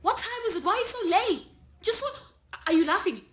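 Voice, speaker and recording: A woman's voice: very high voice, expressive, brisk, fairly bright tone, slight background noise. A woman playing a strict, exasperated schoolteacher with a South African accent, scolding late pupils. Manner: scolding, demanding. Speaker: comedy skit creator. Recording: echoey room.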